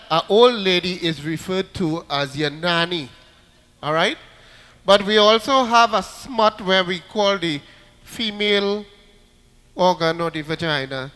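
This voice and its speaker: A man with a Trinidadian accent telling jokes on stage, loud and lively, slipping into put-on voices. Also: sits high, a little slow, smooth, in a large hall. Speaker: comedian. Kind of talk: stand-up joke telling.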